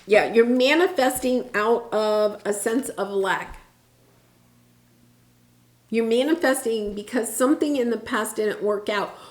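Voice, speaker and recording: A woman's voice: a little high, measured pace, echoey room. A woman giving a casual tarot reading, talking in an earnest, reassuring way with many fillers and restarts. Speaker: tarot reader.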